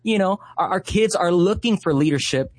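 A man in his thirties, a ministry leader, telling a heartfelt story in conversation, often pausing with "uh" and "you know". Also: high-pitched, lively intonation, no room sound.

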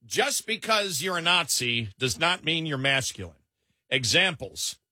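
A man's voice: fairly high pitch, a little slow, no echo, clean studio sound. A man co-hosting a talk show, chatting casually and sarcastically, laughing often. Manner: animated, laughing, sarcastic, stumbles into restarts. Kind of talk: casual chat.

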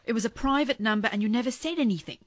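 A woman's voice: fairly high pitch, very fast, no room sound, natural voice. A woman playing a defiant ex-wife. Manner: defiant, cutting. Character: fed-up ex-wife defending her son.

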